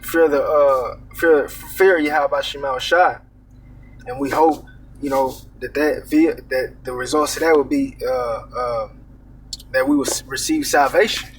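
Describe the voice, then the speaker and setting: A man preaching in an unhurried, casual way, reading verses and then explaining them. His voice is a bit husky and sits fairly high for a man. He sounds set back from the microphone. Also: fairly even intonation, far from the mic. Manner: reads verses aloud then comments, adds "man" and "all right?". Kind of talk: informal scripture teaching.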